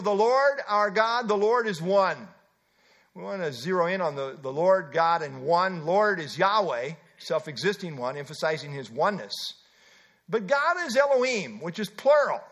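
Brief: male preacher, high voice, emphatic sermon delivery with casual asides. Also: a bit bright. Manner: emphatic, with asides and filler words. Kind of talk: expository sermon.

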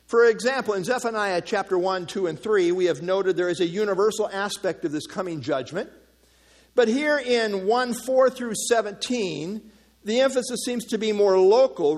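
A man with a fairly high voice preaches an expository sermon. He teaches earnestly, reads scripture aloud and drops in informal asides. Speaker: pastor.

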